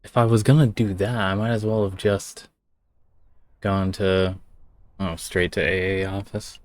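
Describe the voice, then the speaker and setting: Male streamer, sarcastic game chatter, lowish voice. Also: little pitch movement, unhurried, dry recording. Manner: sarcastic, joking.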